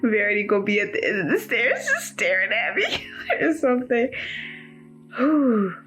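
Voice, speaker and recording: A young woman vlogging casually about a book, retelling the plot in an animated way and acting out quotes. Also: a little high, normal speed, soft background music. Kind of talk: casual chat.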